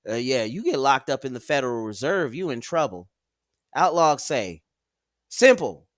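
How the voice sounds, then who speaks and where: A man's voice: medium pitch, animated, normal speed, a bit bright, no echo, studio quality. A man hosting a livestream and reading chat aloud, rambling and profane with a mock-tough edge.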